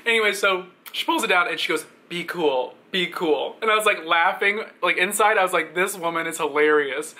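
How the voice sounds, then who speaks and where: A young man vlogging, telling a story in a casual, animated way and acting out the other people's lines. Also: high voice, quick pace, hardly any pauses. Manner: animated, acts out quoted voices.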